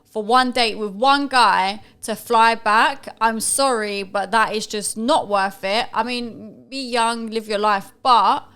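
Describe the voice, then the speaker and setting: Smooth-voiced young British woman, opinionated. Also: on the high side, slow, few pauses, fairly bright tone. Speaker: podcast co-host. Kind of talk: casual reaction chat.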